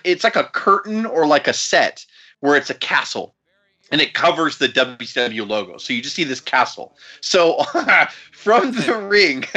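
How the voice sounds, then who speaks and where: Here is a man recounting a story with lively, swinging intonation and a bright, forceful tone. He swears freely and breaks into incredulous laughter as he talks, in a loose podcast-chat style. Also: on the high side, husky. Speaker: podcast host.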